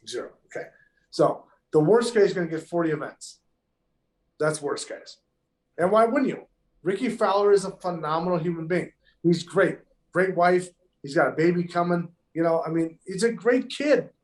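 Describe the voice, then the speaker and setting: Guesting on a podcast, a male professional golfer tells stories at a moderate pace in a high, slightly mellow voice. He's emphatic and heavily profane in the casual conversation, and the room has an echo.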